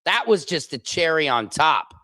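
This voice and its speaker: A man's voice: on the high side, sing-song, normal speed, bright, forceful tone, no room sound. A man who is a comedian and show host, delivering an angry, profane political rant full of repeated phrases. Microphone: streaming microphone.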